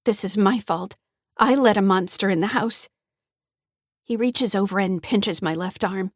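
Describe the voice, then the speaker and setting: A woman's voice: mid-range voice, unhurried, dry recording, natural voice. A woman narrating an audiobook as a frightened teenage granddaughter, shaky and pleading, in a dry close recording. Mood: tense.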